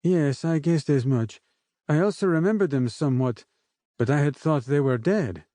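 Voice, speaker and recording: A man narrating an audiobook voices a young woman castaway who speaks softly with a French accent. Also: a little high, normal speed, no room sound, voice pushed up, close to an everyday voice. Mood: soft, gentle. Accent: French, put on. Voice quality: soft, gentle voice. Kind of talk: audiobook character voice.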